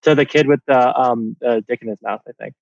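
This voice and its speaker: A man's voice: mid-range voice, steady tone, fairly quick, gravelly, dry recording. A man co-hosting a podcast in casual chat, laid-back and hedging with loose asides, on a dull, slightly muffled mic. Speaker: podcast co-host.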